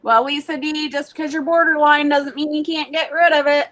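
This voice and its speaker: A woman's voice: high-pitched, fairly even intonation, a little fast, fairly bright tone. A woman co-hosting a livestream, reading out viewer comments and teasing playfully. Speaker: co-host reading chat. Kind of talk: casual livestream chat.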